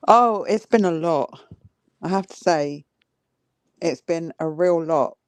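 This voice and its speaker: A woman's voice: low-pitched, slow pace, smooth, no room sound. A woman with an English accent, a bubbly guest on a casual livestream who laughs often, speaking over a computer mic. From England. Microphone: computer mic on a call.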